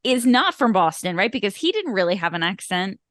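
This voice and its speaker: A young woman from Long Island, New York, co-hosts a movie podcast in casual chat, full of fillers and laughter. She speaks a little fast in a sing-song, medium-pitched voice with a fairly bright tone, and there's no room sound.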